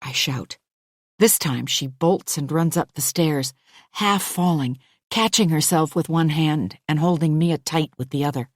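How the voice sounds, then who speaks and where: A woman narrating a thriller audiobook in the first person, measured and even. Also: low-pitched, no echo, clean studio sound.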